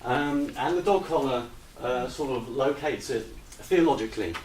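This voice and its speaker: A man giving a slide presentation to an audience, hesitant with many ums, relaxed and gently humorous. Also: medium pitch, normal speed. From United Kingdom. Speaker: lecturer. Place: retreat lecture room with audience. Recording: roomy echo, distant mic, faint hiss.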